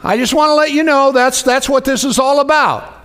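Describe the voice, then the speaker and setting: A man preaching a sermon, folksy and lively, calling out to the congregation for responses. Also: very high-pitched, brisk.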